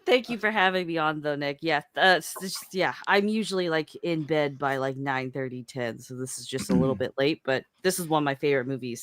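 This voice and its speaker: A guest on a casual podcast, talking in a relaxed, rambling way. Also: mid-range voice, no echo. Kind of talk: casual chat.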